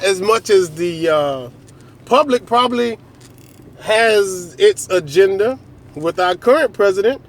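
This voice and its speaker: Profane, high-voiced man on a rant. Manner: profane, rambling, animated, with mocking asides. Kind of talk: comedic rant monologue.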